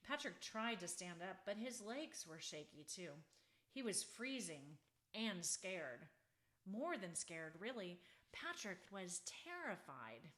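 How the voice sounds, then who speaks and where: A woman author reading her children's book aloud in an expressive, unhurried storybook manner. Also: lowish voice.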